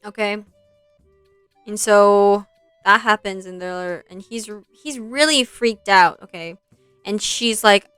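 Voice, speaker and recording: A woman's voice: mid-range voice, slow pace, fairly bright tone, smooth, dry recording, faint music behind. A young woman streaming, casually retelling a story in a rambling, easily sidetracked way.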